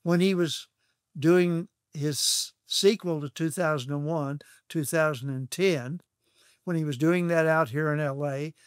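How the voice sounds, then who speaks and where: An older man from Texas, a guest on an interview show, telling stories from his past in an unhurried, anecdotal way. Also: fairly high pitch, clean tone, dry recording, studio quality. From Texas, USA. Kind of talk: reminiscing storytelling.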